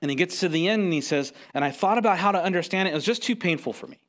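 A middle-aged man preaching a sermon as pastor, telling stories with lively acted-out quotes and often repeating words as he restarts. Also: sits high, very fast. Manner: animated storytelling, acts out quotes.

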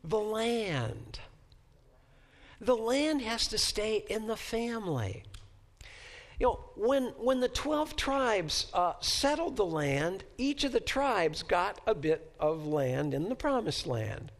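A man teaching a Bible class in a high, gravelly voice, talking slowly. He halts and repeats words while he searches for how to say things, and he often turns statements into rhetorical questions for the class. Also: very animated. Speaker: professor. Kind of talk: Bible lecture.

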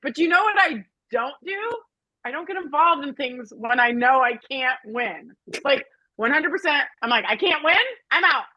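A woman co-hosting a podcast in casual chat, animated and exclamatory. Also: high voice, moderate pace, no room sound, lo-fi sound. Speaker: podcast co-host.

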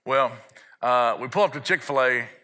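A man's voice: medium pitch, moderate pace, pushed and bright. A man preaching a sermon as pastor, telling a family story with playful asides to the congregation.

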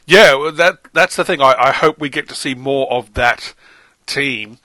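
An Australian man co-hosting a podcast, chatting in an animated, enthusiastic way and laughing often. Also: medium pitch, unhurried, no room sound. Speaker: podcast co-host. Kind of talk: casual chat.

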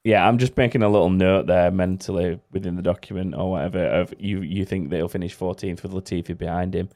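A man with a low, deep voice hosts a casual podcast. He rambles in a relaxed way, with plenty of fillers. The sound is dry and close. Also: fairly quick, no room sound. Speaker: podcast host. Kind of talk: casual chat.

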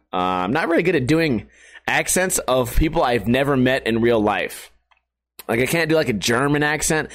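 A man's voice: mid-range voice, fairly bright tone. A man hosting a podcast in a crude, rambling, jokey comedic monologue. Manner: crude, rambling, jokey, puts on silly voices. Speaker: podcast host.

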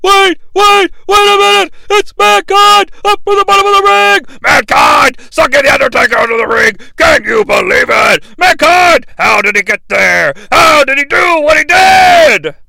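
A man doing an impression of an excitable male wrestling announcer, shouting breathless exclamations. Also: very high voice, normal speed, creaky, hardly any pauses, dry recording, voice pushed up, exaggerated voice. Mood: frantic.

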